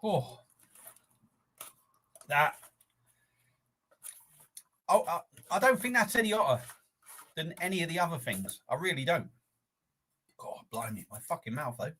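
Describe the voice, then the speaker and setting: A man's voice: fairly high pitch, expressive, a little slow, pauses often, bright, forceful tone, slightly rough. An older man, chatting casually on a live eating stream, breathless and rambling with his mouth burning from chilli, sweating and sniffling. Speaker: livestream host.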